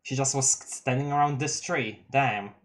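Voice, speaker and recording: Excitable streamer reading a webcomic live. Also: mid-range voice, normal speed. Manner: excitable, laughs often, restarts sentences. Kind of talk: casual live-read commentary.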